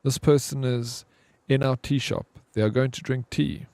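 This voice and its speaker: A man's voice: medium pitch, fairly even intonation, normal speed, creaky, darkish tone, no room sound, close to an everyday voice. A man voicing a young woman, a former warrior running a tea shop, who is stubborn and insistent about rules. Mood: indignant. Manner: insistent, indignant, fixated on rules.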